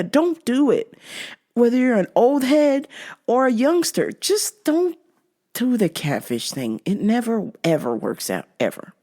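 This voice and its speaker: A woman's voice: sits low, a little mellow. A young woman hosting her own show, ranting casually and comically, swearing freely and often breaking into laughter. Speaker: podcast host. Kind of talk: casual comedic rant.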